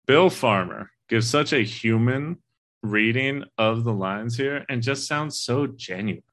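A man's voice: medium pitch, slow pace, a bit bright. A man in casual podcast talk, animatedly retelling a film scene and quoting its lines, with the odd swear.

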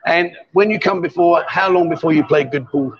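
A man's voice: fairly high pitch, a little fast, muffled recording. A man in his fifties hosting a casual livestream from a busy bar, bantering and teasing his guests while holding a handheld microphone. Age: 50s. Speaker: livestream host. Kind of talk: casual chat.

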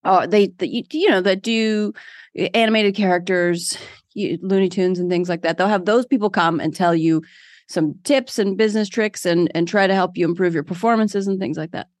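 A young woman telling stories in a casual interview, animated and self-deprecating, laughing often. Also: mid-range voice, normal speed, no room sound, clean studio sound. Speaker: guest.

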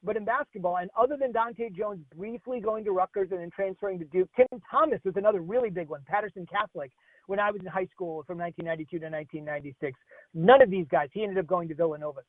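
A man from New Jersey calls in as a guest broadcaster, his voice coming through a narrow, tinny phone line. He talks at a rapid clip in a fairly high register. He rattles off names in quick lists with plenty of energy. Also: no echo. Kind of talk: casual radio interview.

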